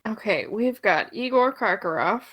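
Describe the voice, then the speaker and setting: A woman's voice: medium pitch, expressive, moderate pace, a bit bright. A woman co-hosting a fan podcast, talking in a wry, joking way. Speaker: podcast co-host. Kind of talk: casual chat.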